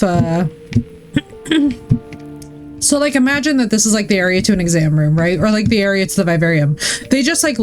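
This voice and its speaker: A woman's voice: medium pitch, darkish tone. A woman streamer chatting casually while she plays, rambling through stories and swearing freely. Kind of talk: casual chat while gaming.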